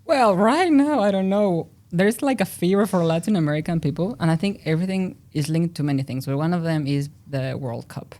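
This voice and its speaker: Talkative Mexican woman with a low voice. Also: brisk, hardly any pauses. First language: Spanish. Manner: talkative and expressive, laughs loudly. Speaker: guest researcher. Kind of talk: casual podcast interview.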